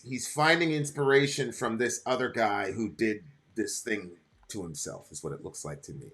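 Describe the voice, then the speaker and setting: A man's voice: mid-range voice, a bit bright. Man talking through song lyrics. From United States. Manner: reads out translated lyrics and explains them at length. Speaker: reaction show co-host. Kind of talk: casual reaction chat.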